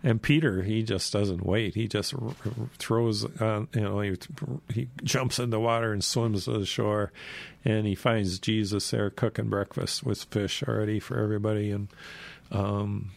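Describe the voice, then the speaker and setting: A man casually retelling a Bible story, rambling with many fillers and jumping up in pitch when he acts out quotes. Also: fairly even intonation, moderate pace, creaky.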